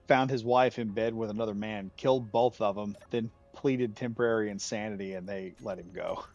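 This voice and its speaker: A man hosting a gaming stream, chatting casually and telling stories in a relaxed way while he plays. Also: on the low side, no room sound, dull audio. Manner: relaxed storyteller, laughs readily. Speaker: gaming channel host. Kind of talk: casual chat while playing.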